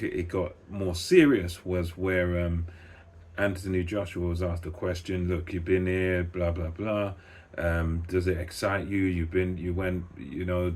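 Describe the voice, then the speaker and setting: A man casually recapping a boxing face-off for his channel, retelling what each side said. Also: deep voice. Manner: relaxed, recounting with quoted lines. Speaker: boxing commentator. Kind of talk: casual video commentary.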